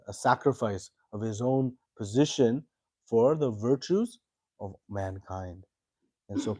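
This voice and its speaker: A man teaching a scripture class. He tells a story in a relaxed way with many fillers and stops to quiz his students. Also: lowish voice, no echo.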